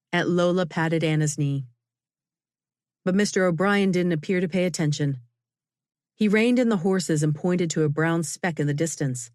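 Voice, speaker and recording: A woman narrating a novel in a measured, expressive reading. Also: fairly low pitch, no room sound. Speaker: audiobook narrator. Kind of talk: scripted narration. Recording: dry, close studio sound.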